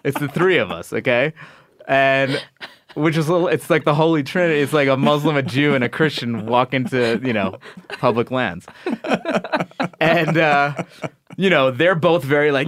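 Animated, profane male storyteller. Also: medium pitch, moderate pace, no room sound. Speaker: guest, comedian. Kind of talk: casual podcast chat.

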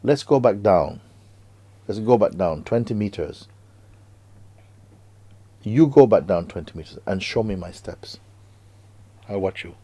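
A man with a deep, husky voice voicing a calm, wise spiritual master in a teaching story. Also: unhurried, pauses often. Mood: firm.

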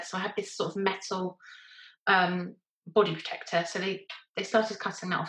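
Bright-voiced woman telling a wry story. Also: mid-range voice, steady tone, a little fast, roomy sound, poor audio. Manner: wry, self-mocking, laughs between lines. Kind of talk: personal anecdote told casually.

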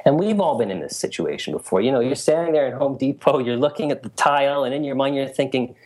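A man's voice: medium pitch, fast talker, hardly any pauses. A man in casual conversation, explaining an idea through a long story and acting out the voices in it. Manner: animated storytelling, acts out quoted voices.

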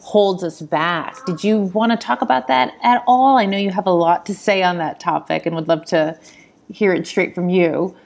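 A woman hosting an interview, asking her guest friendly, encouraging questions. Her voice sits on the low side and has a gravelly fry. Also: moderate pace, a little mellow. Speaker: interview host. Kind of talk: conversational interview.

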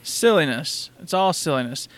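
Male co-host, slightly high, smooth and clear, storytelling recap, dry close mic. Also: expressive, normal speed, fairly bright tone. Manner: storytelling recap, acts out crowd reactions. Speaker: podcast co-host. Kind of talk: casual chat.

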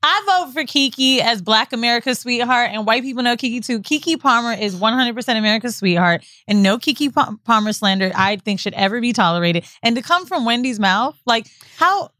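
Bright-voiced playful woman podcast co-host. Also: a little high, a little fast, few pauses, no room sound, studio quality. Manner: animated, playful, profane. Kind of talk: casual chat.

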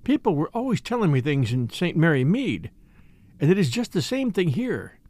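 A man reading aloud, voicing a calm, sensible country woman who works as a paid companion and speaks in a polite, measured way. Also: on the high side, no room sound. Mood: weary.

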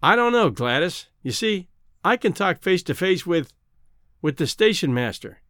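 A man's voice: high voice, big pitch swings, moderate pace, fairly bright tone, no echo, studio quality. A man reading a novel aloud, voicing an earnest, impulsive young man pleading his love.

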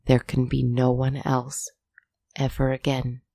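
A woman voicing a sad, aloof mysterious young noblewoman in a storybook tale, speaking slowly and with sorrow. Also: on the low side, steady tone, vocal fry, dark tone, dry recording, heavily acted. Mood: stern. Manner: slow, sorrowful and stern.

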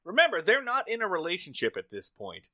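A man's voice: high voice, wildly swooping pitch, fairly quick, pushed and bright, dry recording. A man co-hosting a casual podcast, recapping a TV episode with jokes, swearing and sarcastic asides. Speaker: podcast co-host.

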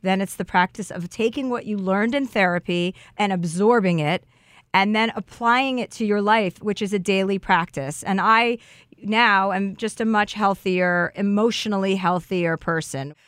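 A woman's voice: mid-range voice, moderate pace, clear, resonant tone, no echo, studio quality. A woman chatting openly and emotionally about healing and love as a podcast guest. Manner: emotional, effusive, warm-hearted talk of healing. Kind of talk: casual heartfelt chat.

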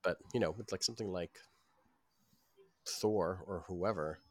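A man with a very low voice talks through his thoughts on a podcast, rambling and thoughtful. The sound is dry and close, with no room around it. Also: unhurried, no echo. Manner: rambling, thoughtful with many fillers. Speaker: podcast co-host. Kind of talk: casual chat.

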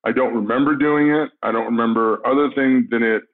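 A man's voice: medium pitch, steady tone, brisk. A middle-aged man, a former wrestler guesting on a podcast, talking bluntly and laid-back with plenty of swearing. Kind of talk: casual interview chat. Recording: tinny phone-like line.

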